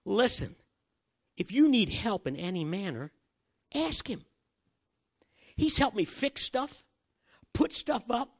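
An older male preacher tells a testimony story with a lively voice that swings widely in pitch. He sits a little above the usual male range and acts out each exchange as he tells it. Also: a little slow, long pauses. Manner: storytelling, acts out dialogue, chuckles. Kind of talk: sermon with personal testimony story.

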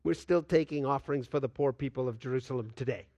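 An older man preaching a sermon as a pastor, swinging between loud and hushed delivery and acting out quoted dialogue. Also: mid-range voice, fast, no echo, dull audio. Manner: acts out dialogue with God in quoted voices.

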